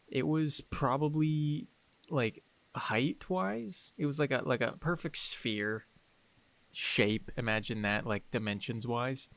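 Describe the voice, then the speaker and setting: A young man co-hosting a podcast, telling a story in an animated, excitable way, full of fillers. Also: mid-range voice, takes it slowly, vocal fry, no room sound. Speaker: podcast co-host. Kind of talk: casual storytelling chat.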